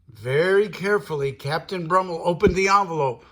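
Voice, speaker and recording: An older man reading a picture book aloud to children as a grandfather storyteller, playful and animated. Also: high voice, unhurried.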